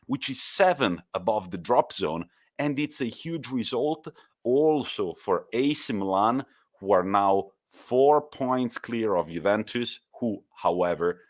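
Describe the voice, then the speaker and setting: A man co-hosting a podcast, telling football stories in a lively way with laughs and the odd swear word. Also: on the low side. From Italy. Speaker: podcast co-host. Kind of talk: casual football chat.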